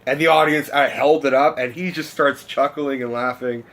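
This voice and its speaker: A man telling a long personal story in a casual vlog rant, rambling and excitable, swearing often and restarting his sentences. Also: mid-range voice, moderate pace. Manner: rambling, excitable, profane, many fillers and restarts. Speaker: vlogger.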